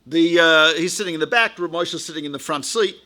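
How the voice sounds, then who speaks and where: Man, rabbi lecturing, anecdotal storytelling, high voice, bright tone. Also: quick pace. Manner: chatty, anecdotal, frequent asides to the audience.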